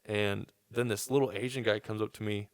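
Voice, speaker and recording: A man's voice: fairly low pitch, steady tone, a little fast, no room sound, studio quality. A young man casually telling a long story on a podcast, swearing and acting out what people said. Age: young adult. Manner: laid-back, swearing, acts out quotes.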